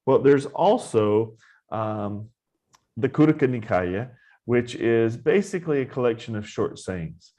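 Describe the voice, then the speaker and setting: A man who teaches Zen meditation, giving an informal dharma talk in a relaxed, conversational way. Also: medium pitch, unhurried.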